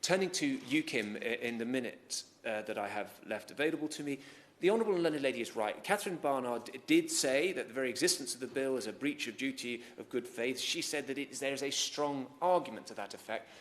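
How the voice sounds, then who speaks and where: A man delivers a formal parliamentary speech as a government minister. His delivery is measured and courteous, with the odd restart as he presses his points. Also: medium pitch, lively intonation, a bit bright. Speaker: government minister answering a debate.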